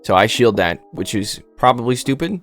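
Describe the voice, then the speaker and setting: A man's voice: mid-range voice, animated, normal speed, a bit bright, soft background music. A man casually commentating on his online game battles, joking and rambling with silly asides.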